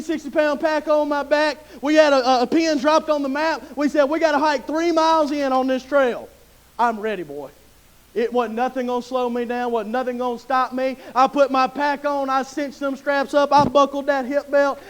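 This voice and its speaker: A man's voice: extremely high pitch, steady tone, normal speed, hardly any pauses. A man from Mississippi with a Southern accent preaching a sermon in a church, telling folksy stories in plain Southern talk. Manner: folksy storytelling with Southern slang. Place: church sanctuary.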